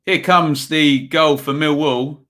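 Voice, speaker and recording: Male streamer from Ipswich, bright and forward voice, easygoing rambling delivery, for a football watchalong. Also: fairly high pitch, steady tone, slow. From Ipswich, England. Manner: chatty, rambling, reads chat aloud, many ums. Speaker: livestream host. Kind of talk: casual live football commentary and chat.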